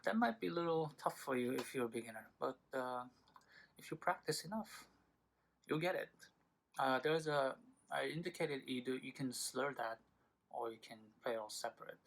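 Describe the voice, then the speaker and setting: With violin playing between his phrases, a man teaches an instructional violin tutorial in an easygoing, patient way, often using fillers and correcting himself. He speaks at normal speed in a mid-range, fairly bright voice with vocal fry and lively intonation.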